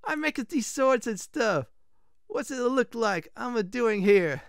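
A man's voice: very high voice, animated, unhurried, creaky, smooth, no room sound, clean studio sound, voice pushed up, exaggerated voice. A man voicing an impatient middle-aged male blacksmith in an exaggerated Italian accent. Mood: brusque. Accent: Italian, put on.

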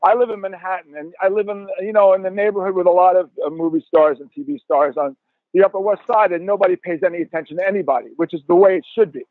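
A man in his sixties, a guest musician telling profane, animated stories in a podcast interview over a tinny phone line. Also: high-pitched, fast talker, dry recording.

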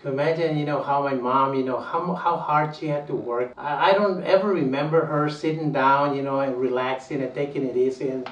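An older man from South Texas pauses often as he praises his mother. He is heard from some distance, in an echoing room. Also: mid-range voice, fairly even intonation. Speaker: interviewee. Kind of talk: oral history recollection. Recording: roomy, distant mic.

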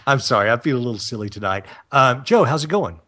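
A man's voice: mid-range voice, animated, fast, sharp tone, slight background noise. A man hosting a live internet radio show in casual chat, joking and laughing often at himself. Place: California.

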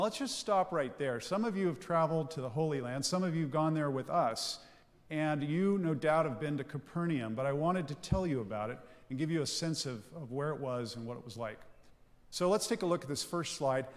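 A man in his fifties, a pastor preaching a sermon in a church, reading scripture slowly and explaining it in an unhurried teaching tone. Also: a little high. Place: church sanctuary. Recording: long reverb of a church hall.

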